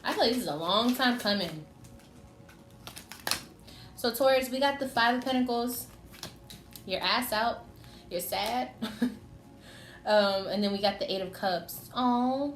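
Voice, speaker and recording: A woman's voice: fairly high pitch, unhurried, pauses often, faint music behind. A woman giving a casual tarot reading, chatty and teasing, talking straight to the signs she reads for. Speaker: tarot reader. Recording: echoey room with faint noise.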